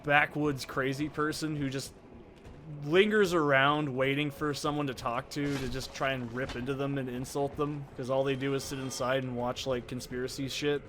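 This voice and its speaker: A man's voice: mid-range voice, fairly even intonation, normal speed, fairly bright tone, a little hiss or hum. Rambling Oregon guy, swearing a lot. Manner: rambling, heavy swearing, off-topic tangents. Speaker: let's play gamer. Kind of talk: casual gameplay commentary. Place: soundproofed corner at home. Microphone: desk condenser mic with pop filter.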